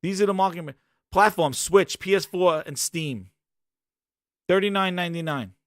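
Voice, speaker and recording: A man's voice: high voice, moderate pace, fairly bright tone, no echo, studio quality. A young man hosting a gaming podcast, ranting emphatically and arguing straight at his listeners. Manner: emphatic, argumentative, addresses listeners directly. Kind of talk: animated opinion rant.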